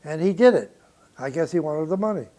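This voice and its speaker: A man's voice: fairly high pitch, lively intonation, brisk, warm tone. An older man, a record producer, recounting studio anecdotes in an interview, blunt and profane and laughing between stories.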